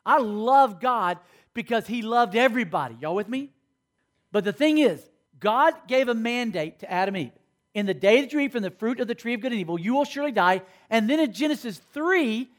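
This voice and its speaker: A man with a strikingly high voice delivers a sermon to students. He keeps checking in with his listeners through call-and-response questions as he preaches. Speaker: speaker at a school.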